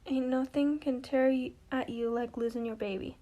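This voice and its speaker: A woman's voice: high voice, steady tone, moderate pace, warm tone, muffled recording, lightly acted. A woman voicing a tired, dry, plain-spoken young wife in an amateur play reading. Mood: sympathetic.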